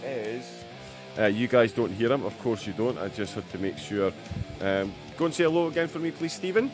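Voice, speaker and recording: A man's voice: medium pitch, animated, fairly quick, faint music behind. Chatty jokey male race commentator. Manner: chatty, jokey, banter-filled. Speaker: sim racing commentator. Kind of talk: live race commentary chat.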